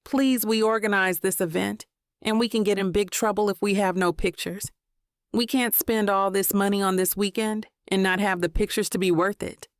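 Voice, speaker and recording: A woman's voice: mid-range voice, steady tone, normal speed, dry recording, studio quality, natural voice. A woman voicing an anxious young event planner who pleads and apologizes. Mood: pleading.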